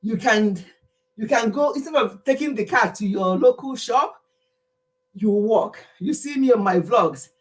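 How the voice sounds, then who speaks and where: A woman's voice: a little high, lively intonation, a little slow, slightly rough. A woman hosting a casual home livestream, chatting to viewers by name and laughing often, a little out of breath from exercising. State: slightly out of breath. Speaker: livestream host. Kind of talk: casual livestream chat with singing.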